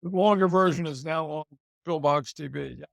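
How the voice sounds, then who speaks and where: A man's voice: fairly high pitch, moderate pace, gravelly, no room sound. An older man being interviewed about his career, chatting casually and repeating phrases for emphasis. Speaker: interview guest, TV host and author.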